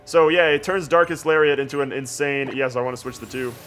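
A man's voice: medium pitch, fairly quick, fairly bright tone, soft background music. A man giving casual, rambling and jokey gameplay commentary as a let's play host.

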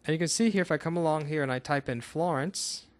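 A man's voice: fairly high pitch, fast. A man from Northern Kentucky in the US, explaining a screencast coding tutorial step by step in a casual way. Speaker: instructor.

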